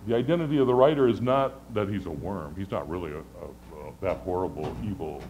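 A man preaching a sermon in a conversational, earnest way, often stammering and restarting, moving between loud pleading and hushed lows. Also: a little fast, a little hiss or hum, poor audio. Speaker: pastor.

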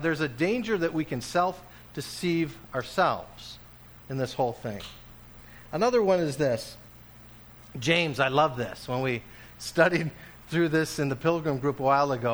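A male pastor preaching a sermon, dropping to hushed, slow lines and then rising to loud, emphatic declarations. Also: on the high side, lively intonation. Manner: swings between hushed, slow passages and loud, emphatic bursts.

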